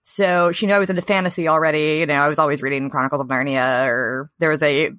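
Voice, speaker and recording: A woman in her thirties recalling her childhood in a relaxed, casual chat, laughing easily. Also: low voice, quick pace, dry recording, clean studio sound. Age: 30s.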